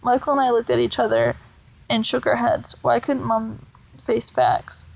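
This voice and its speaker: A woman reading a children's novel aloud in a steady, plain way with small slips. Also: a little high, measured pace, vocal fry, lo-fi sound. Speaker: reader.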